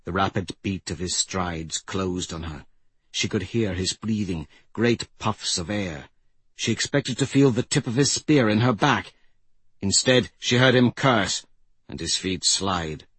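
A man reading a fantasy audiobook in a measured, dramatic way, with his pitch rising in the tense passages. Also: fairly bright tone, breathy edge, no echo. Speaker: audiobook narrator. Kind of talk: scripted fantasy narration.

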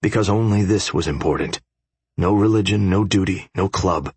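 A man narrating a first-person romance audiobook in a low, hushed, measured way. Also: slightly rough, no echo.

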